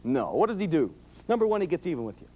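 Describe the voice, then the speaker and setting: A man's voice: fairly high pitch, big pitch swings, quick pace, warm tone. A middle-aged man giving a folksy, humorous talk on raising children, acting out voices as he tells stories. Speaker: police sergeant giving parenting talk. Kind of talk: folksy talk to a live audience.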